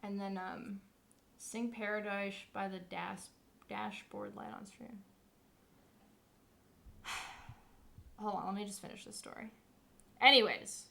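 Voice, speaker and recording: Bright, profane young woman streamer. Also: medium pitch, gravelly. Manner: profane, animated storytelling. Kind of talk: casual livestream chat.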